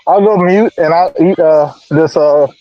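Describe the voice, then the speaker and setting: Guy rambling on a stream call, lots of uhs and restarts, sound kinda dull and lo-fi. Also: fairly high pitch. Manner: rambling, halting, with many fillers and repeats. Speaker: guest on a community livestream. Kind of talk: casual chat.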